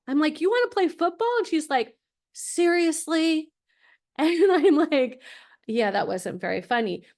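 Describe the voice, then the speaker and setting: Middle-aged lady hosting a college webinar, kinda high voice, super animated, does the voices when she quotes people. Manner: animated, acts out quoted voices with big pitch jumps. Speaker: webinar host and college consultant. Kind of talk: lively storytelling presentation.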